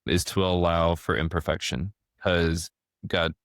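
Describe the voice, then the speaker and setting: Man, thirties, podcast host, very low voice, dry close sound, animated storytelling, casual. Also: measured pace, no echo. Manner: animated storyteller, frequent restarts. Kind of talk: casual conversation.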